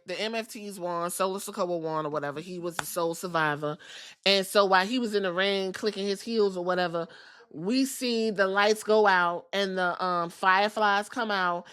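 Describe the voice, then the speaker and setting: Woman podcast host, bright forceful voice, gossipy profane storyteller. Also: medium pitch, clean tone. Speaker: podcast host reviewing wrestling. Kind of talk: casual recap.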